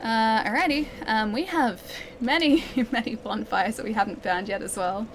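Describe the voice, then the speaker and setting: A young Australian woman streams a let's play at a moderate pace in a fairly high voice. She is chatty and giggly, talking to her chat as she plays, with a faint hum behind her.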